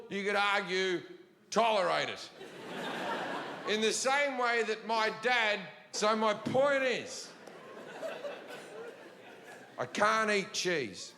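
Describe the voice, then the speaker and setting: A man doing a profane stand-up routine, telling blunt, ranting stories to a live audience. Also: sits high. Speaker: stand-up comedian. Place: large venue before a laughing audience. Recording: live show in a reverberant hall with audience noise.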